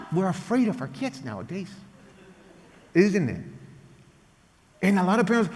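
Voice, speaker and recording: Animated high-voiced man in a reverberant hall. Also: normal speed, long pauses, breathy edge. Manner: animated, emphatic, non-native English phrasing. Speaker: parenting workshop presenter. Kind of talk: lively teaching talk acting out parent and child lines. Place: church hall. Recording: long reverb of a large hall.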